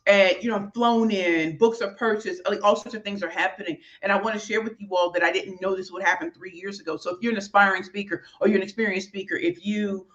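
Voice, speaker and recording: A woman's voice: mid-range voice, fairly even intonation, fast, hardly any pauses, a bit bright, muffled recording. Effusive woman live-streaming from a hotel office. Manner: effusive, heartfelt, rambling with fillers. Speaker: motivational speaker and author. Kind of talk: emotional live-stream chat with viewers. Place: small office in a hotel suite.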